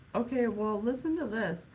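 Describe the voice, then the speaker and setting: A woman giving a casual psychic reading, thinking aloud with sighs and halting pauses. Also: fairly high pitch, slight background noise, low-quality recording. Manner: musing, sighing, thinking aloud; slow, halting, counts things off one by one. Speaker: psychic reader. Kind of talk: casual spirit reading to camera.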